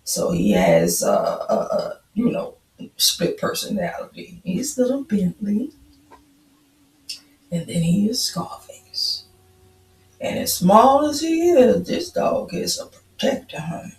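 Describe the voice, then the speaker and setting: A woman's voice: mid-range voice, huge pitch swings, slow pace, darkish tone, reverberant, poor audio. A woman in her fifties chatting casually on a livestream, greeting viewers by name. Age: 50s. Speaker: livestream host.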